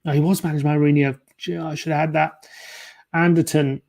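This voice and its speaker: A man's voice: fairly high pitch, little pitch movement, fairly quick, vocal fry, a little mellow. A man hosting a fan livestream, chatting casually and muttering his guesses to himself as he plays a quiz. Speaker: fan channel host. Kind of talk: casual livestream chat while playing a quiz.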